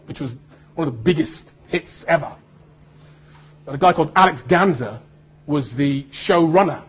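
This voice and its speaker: Husky-voiced man telling a story. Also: a little high. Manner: animated, acts out quoted dialogue. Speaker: actor giving a talk to students. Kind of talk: anecdotal storytelling speech.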